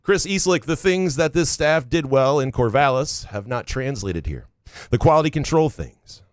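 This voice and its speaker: Lively joking sports podcast host. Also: male voice, mid-range voice, normal speed, no room sound, studio quality. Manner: joking, reading listener questions. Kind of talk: casual sports chat.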